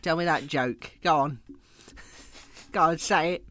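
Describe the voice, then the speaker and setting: A man co-hosting a podcast in casual chat, blunt and sweary, teasing his co-host with quick restarts. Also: a little high, pushed and bright.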